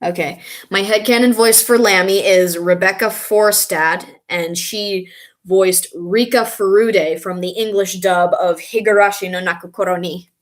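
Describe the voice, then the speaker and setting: A woman chatting casually on a live stream, reading viewer comments and reacting with excitable, frequent laughter. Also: medium pitch, measured pace.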